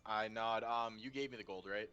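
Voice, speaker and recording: A man's voice: on the low side, steady tone, moderate pace, bright, forceful tone, muffled recording, soft background music. A man playing a tabletop game, eager and stammering as he declares his moves. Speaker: player.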